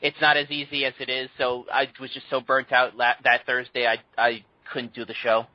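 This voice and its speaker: A man's voice: medium pitch, level tone, fairly quick, no room sound, highs cut off. A man co-hosting a casual gaming podcast, chatty and self-deprecating. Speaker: podcast co-host. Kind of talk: casual panel chat.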